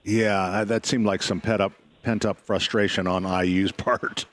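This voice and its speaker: A man's voice: lowish voice, flat delivery, normal speed, a bit bright. A man co-hosting a radio show from the studio, bantering casually with wry, joking comebacks. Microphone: studio microphone.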